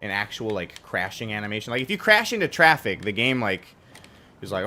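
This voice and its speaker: A young man streaming a racing game live, talking casually and profanely while he plays, with a hoarse, strained voice and sudden loud outbursts. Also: on the low side, very animated, a little fast, slight background noise. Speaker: gaming streamer.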